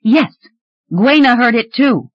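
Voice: medium pitch, lively intonation, slow pace, no echo, voice pushed up. Narrator doing a shaken young swordswoman. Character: young woman warrior, startled and shaken. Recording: dry, slightly dull recording.

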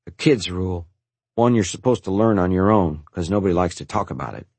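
A wary, streetwise orphan boy who talks with the quiet certainty of a kid who has learned the rules the hard way, as a man with a husky voice raises his pitch to play him. The sound is dry and close. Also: brisk, no room sound. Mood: earnest. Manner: earnest, explaining hard truths. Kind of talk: audiobook character voice.

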